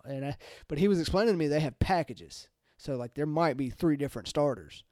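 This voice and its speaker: A young man talks loosely in a casual chat, piling on fillers and swearing. His voice has a mellow, relaxed tone, and the sound is dry and close. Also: on the high side, quick pace, hardly any pauses, no room sound. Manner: rambling, heavy with fillers and swearing.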